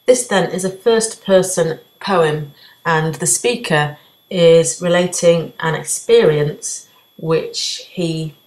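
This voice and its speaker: A woman teaching a literature revision lesson, explaining things clearly and step by step. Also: on the low side, takes it slowly, darkish tone, roomy sound, poor audio.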